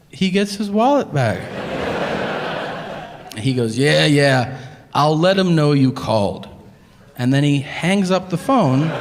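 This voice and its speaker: Guy doing stand-up in a big hall, deadpan, voice bounces all over, reverb tail. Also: a little high, noisy background. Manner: deadpan, exasperated, acts out dialogue. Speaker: stand-up comedian. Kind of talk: stand-up storytelling. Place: comedy theater stage. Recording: live theater hall with faint ambience. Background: audience laughter.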